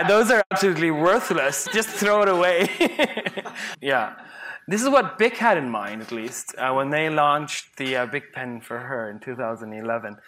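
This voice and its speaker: A man's voice: on the high side, sharp tone. A man, a psychologist, giving a humorous conference talk, playful and sarcastic, often laughing at his own examples.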